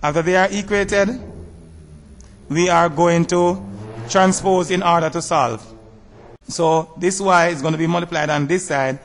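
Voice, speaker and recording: A man teaching a math lesson over slides, explaining step by step in a measured way and asking rhetorical questions. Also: a little high, big-room sound.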